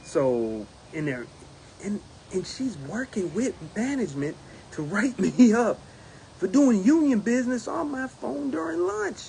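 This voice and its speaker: A man who is a union steward, giving a casual spoken report, animated and laughing often, mimicking others in a raised voice. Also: very high-pitched, a little slow, vocal fry, slight background noise.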